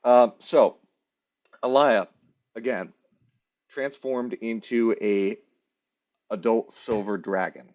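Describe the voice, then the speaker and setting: Recorded through a muffled lo-fi mic, a man with a lowish, slightly mellow voice runs a tabletop game as its game master. He takes his time, leaving long pauses, and speaks casually and hesitantly with plenty of fillers.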